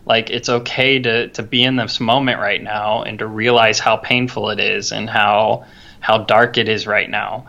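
A man's voice: lowish voice, level tone, normal speed, creaky, bright, forceful tone, highs cut off. A man co-hosting a podcast, talking in an earnest, reflective way and often restarting his phrases. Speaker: podcast co-host. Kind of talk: casual podcast discussion.

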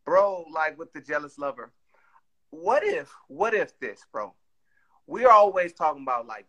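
A man's voice: a little high, normal speed. A man in a casual faith discussion who eagerly jumps in to add his point. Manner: excited, jumping in.

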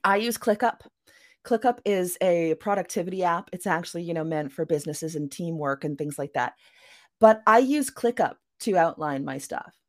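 A woman's voice: on the low side, lively intonation, moderate pace. A woman author being interviewed on a podcast, talking casually and acting out little quoted voices as she explains her point. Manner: chatty, acts out quoted voices. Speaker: author guest.

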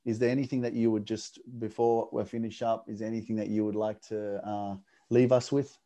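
Encouraging male podcast host, lowish voice. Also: level tone, brisk. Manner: warm encouraging sign-off with fillers. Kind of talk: interview wrap-up and show outro.

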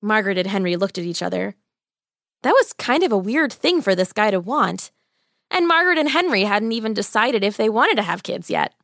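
A woman's voice: medium pitch, very animated, a little fast, a bit bright, dry recording, studio quality. A woman reading a fairy tale aloud in a light, playful storytelling manner. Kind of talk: scripted narration.

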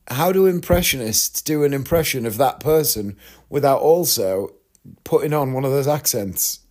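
Man, podcast host, mid-pitched voice, rambling and chatty storytelling, laughs easily. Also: a little mellow. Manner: chatty, rambling, laughs at his own stories. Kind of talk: casual storytelling monologue.

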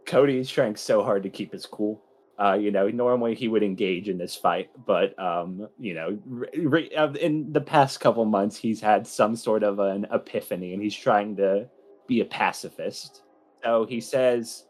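A man's voice: fairly low pitch, normal speed. A man playing a tabletop role-playing game, describing his character with laughs and hesitations. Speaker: player. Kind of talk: casual tabletop game play.

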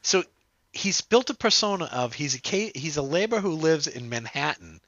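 Podcast host guy, bright voice, animated, laughs a lot, stumbles over words, dry and kinda muffled. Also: a little high, normal speed, no room sound. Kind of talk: casual chat.

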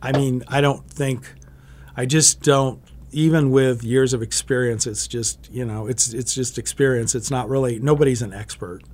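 A middle-aged TV meteorologist chats casually in an interview, rambling through stories and often restarting sentences to correct himself. His mid-range voice has a darkish tone, fairly even intonation and a moderate pace.

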